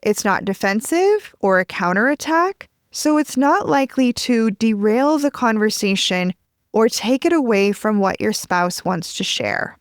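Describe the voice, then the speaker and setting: Podcast host, woman, gentle and measured advice delivery, dry close studio sound. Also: on the high side, lively intonation, dry recording. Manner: gentle, measured, acts out example phrases. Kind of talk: calm advice monologue.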